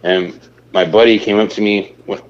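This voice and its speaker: A man in his thirties talks through a long kitchen story in a relaxed podcast chat, swearing freely and laughing as he goes. His voice sits on the low side. The recording is muffled and lo-fi, with a faint hiss behind him. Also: normal speed. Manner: profane, storytelling, laughs often. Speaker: podcast host. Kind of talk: casual chat. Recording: lo-fi with faint noise.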